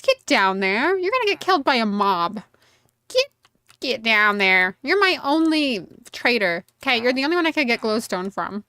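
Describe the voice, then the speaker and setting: Woman streaming a game, fairly high voice, rambling and joking at herself, close desk mic. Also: very animated, moderate pace, pushed and bright, no room sound. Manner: chatty, self-mocking, talks to the game characters. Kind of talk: casual chat while playing a game. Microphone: desk USB microphone.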